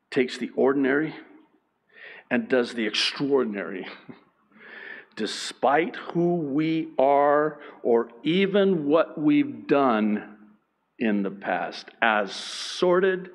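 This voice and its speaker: A man preaching a sermon as pastor, emphatic and swinging between loud and hushed. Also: mid-range voice.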